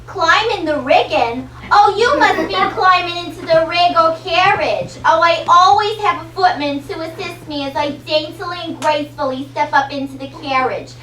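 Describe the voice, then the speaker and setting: Teen girl playing a squeaky prissy princess, super high, puppet show in a big echoey room from far back. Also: normal speed, few pauses, a crowd in the background. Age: teens. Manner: prim, fussy and self-admiring. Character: dainty vain young princess. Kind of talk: puppet play. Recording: roomy hall from far off, noisy.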